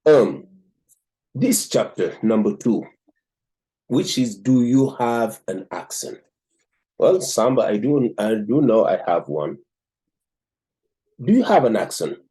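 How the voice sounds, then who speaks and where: A man from Africa with an African accent hosts a show, reviewing a book and reading it aloud in a measured way with frequent "um" pauses. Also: lowish voice, very animated, mellow. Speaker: host and book reader.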